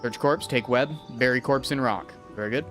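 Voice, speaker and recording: A young adult man with a mid-range voice talks at normal speed over music, casually rambling and swearing while he streams a game. He chats with his viewers as he plays, giving loose gameplay commentary.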